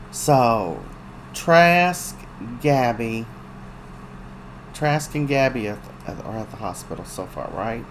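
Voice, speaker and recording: Speaking at medium pitch over slight background noise and poor audio, a host recaps a soap opera's week. The telling is chatty and gossipy, loaded with ums and uhs, with quick put-on voices for the characters' lines.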